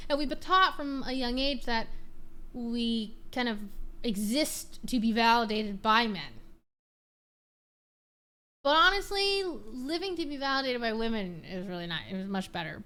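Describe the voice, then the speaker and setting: Bright, high-voiced young woman streamer. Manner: chatty, animated, talks to her pet and chat. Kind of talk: casual late-night chat.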